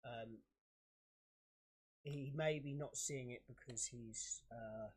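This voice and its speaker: A man's voice: medium pitch, fairly even intonation, takes it slowly, darkish tone, husky. A man co-hosting a live trading stream, joking and hesitating with fillers. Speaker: co-host.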